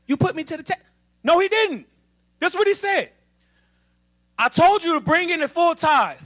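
An assistant minister with an extremely high-pitched voice preaches an emphatic sermon to a congregation, calling for responses from the pews and building up to shouting.

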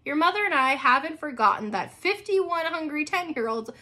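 Storybook read-aloud: woman voicing a calm, steady dad, still bright and fairly high. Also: normal speed. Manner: steady and soothing. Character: calm, reassuring father.

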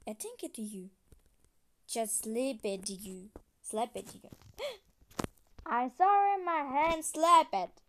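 A woman telling a homemade story video and voicing its characters, speaking halting, broken English with restarts. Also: high voice, animated.

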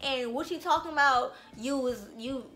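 A young woman telling a storytime vlog, animated and blunt, swearing freely. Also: high voice, moderate pace. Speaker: vlogger.

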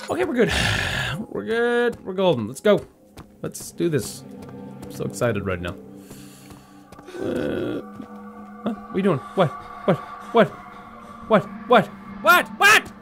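A young man giving excitable, swearing let's-play commentary while playing a horror game. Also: on the high side, vocal fry. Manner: hyper, swearing, joking, talking to the game. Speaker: gaming video host.

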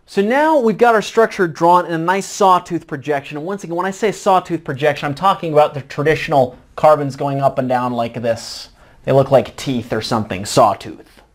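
A man's voice: a little high, brisk. Man quizzing himself through a lecture. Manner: asks himself questions and answers them, informal and folksy. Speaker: chemistry tutor. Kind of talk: whiteboard lecture.

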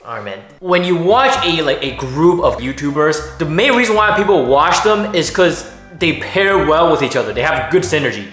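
Brief: exasperated male reactor, slightly high voice, roomy sound with music under it. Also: expressive, moderate pace, fairly bright tone. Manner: scoffing, exasperated, frequent "man" tag. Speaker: reaction YouTuber. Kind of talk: mocking reaction commentary.

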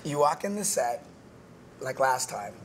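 A man's voice: medium pitch, sing-song, measured pace, fairly bright tone. A man hosting a talk show, chatting in a teasing, playful way. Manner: teasing, playful, acts out quotes. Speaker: host. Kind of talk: casual chat. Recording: noisy background ambience.

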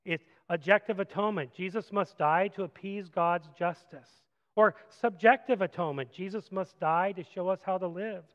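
A man preaching a sermon as pastor, animated, moving from loud acted-out quotes to quiet reflective passages. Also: high voice, moderate pace, in a large hall, muffled recording. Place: church sanctuary.

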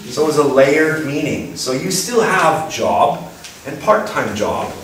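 A man giving a playful, lively lecture to an audience, asking them questions and putting on voices. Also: a little high, unhurried. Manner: animated, playful, puts on voices and asks the crowd questions. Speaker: speaker giving a talk. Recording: echoey room from far off with faint noise.

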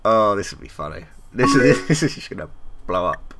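Low-voiced young man playing through a game. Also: animated, moderate pace, slight background noise. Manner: chatty, laughs often, reads messages aloud in a soft voice. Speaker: gaming video host. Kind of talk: blind playthrough commentary, reading chat aloud. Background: keyboard typing clicks.

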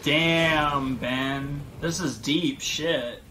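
A man's voice: on the high side, very slow, pushed and bright, a little hiss or hum. A man hosting a reaction video, talking casually with laid-back muttered asides.

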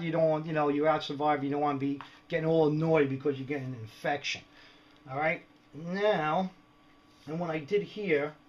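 A slightly high-voiced man talks through his gear in a loose, joking way, tossing in "right?" and "all right" every few words. The sound is dull and lo-fi, like an old home video. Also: slight background noise. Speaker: prepper video host. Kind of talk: casual show-and-tell vlog.

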